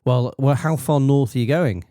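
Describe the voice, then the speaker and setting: Middle-aged man, teasing podcast host, mellow tone, dry close sound. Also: mid-range voice, normal speed, dry recording. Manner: teasing, quizzing, talks over others. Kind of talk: casual debate chat.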